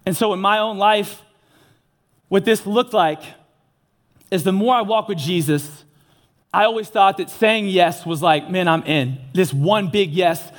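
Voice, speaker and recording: High-voiced young man preaching casually. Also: a little slow, long pauses. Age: young adult. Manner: casual, earnest, animated preaching with slang. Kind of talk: sermon.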